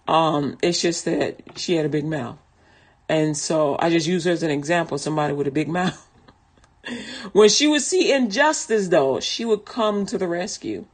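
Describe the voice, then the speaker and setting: A woman's voice: on the low side, normal speed. A woman casually telling a personal story in conversational, vernacular speech, often laughing and restarting her sentences.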